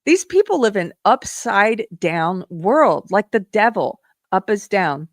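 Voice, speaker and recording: A woman from South Carolina hosting a live political commentary show, talking in a sarcastic, emphatic way and quick to scoff. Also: medium pitch, no room sound, studio quality. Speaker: show host.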